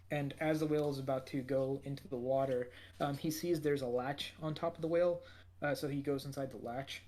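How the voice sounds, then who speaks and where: Higher-voiced man recapping with many fillers. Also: steady tone, fairly quick, a little mellow. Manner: rambling, many fillers and restarts. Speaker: podcast co-host. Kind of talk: casual podcast recap.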